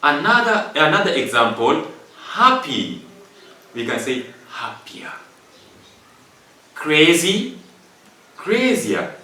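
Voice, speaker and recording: A man's voice: a little high, very animated, takes it slowly, pauses often, sharp tone. A man teaching an English grammar lesson, going step by step through rules and repeating them with examples. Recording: echoey room from far off.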